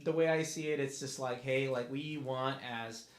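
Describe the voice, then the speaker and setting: A man's voice: mid-range voice, steady tone, moderate pace. A young man co-hosting a casual podcast, laid-back and mocking as he talks about wedding guests. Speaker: podcast co-host, fiancé. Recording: echoey room.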